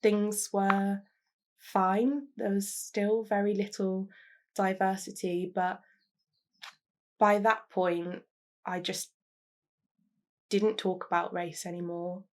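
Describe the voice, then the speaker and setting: A woman's voice: mid-range voice, little pitch movement, slow pace, pauses often. Candid young woman, reflective. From London, England. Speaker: interviewee. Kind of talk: personal testimony to camera.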